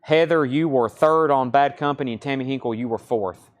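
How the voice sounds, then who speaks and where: A man hosting a live record sale, rattling off titles, prices and bidder names in a steady, brisk patter. His voice sits at an ordinary middle pitch for a man. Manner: brisk running auctioneer-style calls, reading bids and prices. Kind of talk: live-stream sales patter.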